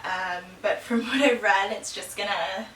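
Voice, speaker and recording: A woman's voice: mid-range voice, measured pace, fairly bright tone, distant mic. A young woman vlogging casually at home, rambling with fillers and a little out of breath. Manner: rambling, with many fillers and laughs. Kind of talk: casual chat. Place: small room at home. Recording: roomy, from off the mic, faint room hum.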